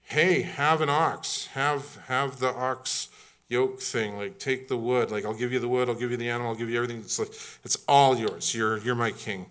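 A man's voice: medium pitch, steady tone, fairly bright tone, close to an everyday voice. A man doing an eager, awestruck farmer. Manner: eager, fumbling, slowed.

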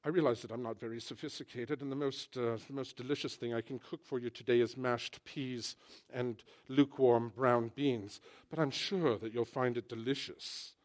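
A man's voice: medium pitch, fairly even intonation, moderate pace, lightly acted. A man voicing a meek, overly polite British cook with a put-on English accent. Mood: genteel.

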